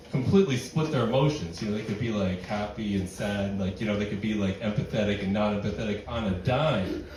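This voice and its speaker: Casting note: young male comic, self-deprecating, meandering delivery, recorded from afar in a boomy room with a crowd. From New York City. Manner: rambling, self-deprecating, full of fillers and restarts. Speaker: stand-up comedian. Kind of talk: stand-up set. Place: barn venue with live audience. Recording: echoey room, distant mic, audience.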